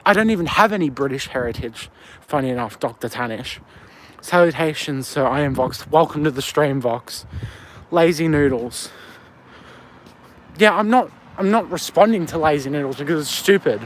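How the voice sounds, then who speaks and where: An Australian man livestreams while walking on a windy street at night, chatting and answering viewer comments he reads aloud into his phone mic. He speaks at normal speed in an expressive voice on the high side, with a little hiss or hum present.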